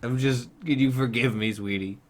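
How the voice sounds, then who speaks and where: A man's voice: medium pitch, fairly even intonation, moderate pace, lightly acted. A man voicing a guilt-ridden middle-aged inventor father who pleads and apologizes. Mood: pleading.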